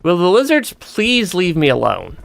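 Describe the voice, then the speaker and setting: A man's voice: high-pitched, huge pitch swings, unhurried, gravelly. A young man giving casual let's-play commentary, stammering and restarting often and laughing between remarks. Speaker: streamer.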